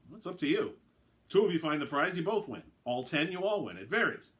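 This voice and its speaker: A man's voice: a little high, big pitch swings, fairly quick, fairly bright tone, pitched above the performer's own voice. A man doing a flippant, bossy alien announcer voice. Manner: flippant, impatient, chatty. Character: brash, sarcastic male alien game announcer.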